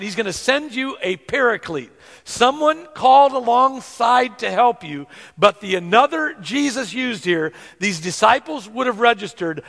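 A man preaching a sermon, earnest, slowing down to stress scripture verses. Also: high voice, animated, vocal fry, fairly bright tone. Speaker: pastor. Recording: long hall reverb.

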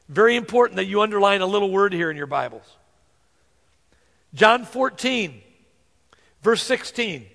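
A man preaching a sermon, earnest, slowing down to stress scripture verses. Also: high-pitched, gravelly, a bit bright. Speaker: pastor. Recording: long hall reverb.

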